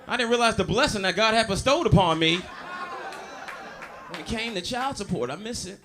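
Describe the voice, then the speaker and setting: A man performing a brash, loud stand-up comedy set in a small comedy club. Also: high-pitched, expressive, brisk, long pauses. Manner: loud, brash, crowd-working delivery. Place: comedy club in a diner, live audience.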